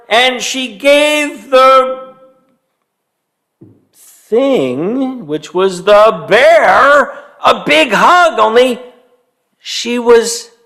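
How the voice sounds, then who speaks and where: A man telling a story to young children, animated and stopping to quiz them and have them join in. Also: extremely high pitch. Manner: animated, quizzes young listeners.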